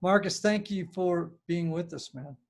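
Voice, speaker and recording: A man hosting a podcast interview, talking in animated, quick bursts. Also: high-pitched. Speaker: podcast host. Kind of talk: conversational interview.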